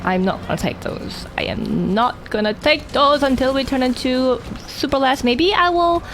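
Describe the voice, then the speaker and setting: A woman's voice: sits high, moderate pace, noisy background. A woman giving casual, rambling gameplay commentary, talking animatedly and swearing casually. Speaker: gameplay streamer.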